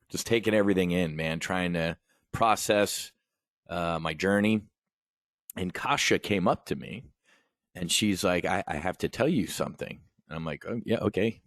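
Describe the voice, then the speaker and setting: A lower-pitched man runs a live options trading broadcast. He talks in a loose, rambling, enthusiastic way and punches his points hard. The recording is dry and close, with no room sound. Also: no room sound. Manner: energetic, rambling, conversational, emphatic. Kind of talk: livestream trade brief.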